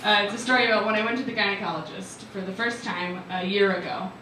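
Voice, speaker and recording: A woman's voice: medium pitch, fast, background noise. A young woman in her twenties doing chatty, self-deprecating stand-up storytelling in a living room, with lots of "like" fillers, while a small audience laughs. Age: 20s. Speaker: stand-up comedian. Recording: echoey room, mic far off.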